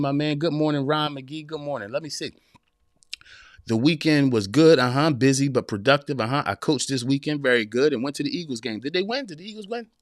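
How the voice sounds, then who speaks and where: This is a medium-pitched male podcast host in his forties, streaming a motivational show live. His style is casual and sermon-like: he addresses listeners head-on, circles back to the same points, and drops "y'all" and "man." Studio-quality sound with no room tone.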